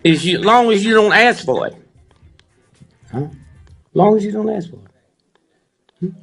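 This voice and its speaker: A man in his eighties addresses a live audience in a preachy, joking way, repeatedly prodding the crowd with "huh?" and "hmm?" His voice sits high and sounds expressive and unhurried, with vocal fry, a bit of brightness, and a breathy edge, over soft background music.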